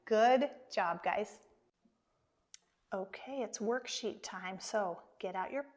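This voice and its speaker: An American woman teaching an online preschool lesson, speaking slowly and encouragingly to small children. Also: mid-range voice.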